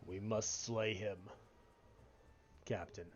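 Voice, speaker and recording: A man voicing a stern, scholarly female mage, speaking slowly and formally in a dull lo-fi recording. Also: on the low side, steady tone, a little hiss or hum. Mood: earnest. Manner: slow, formal, earnest speech. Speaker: streamer reading game dialogue.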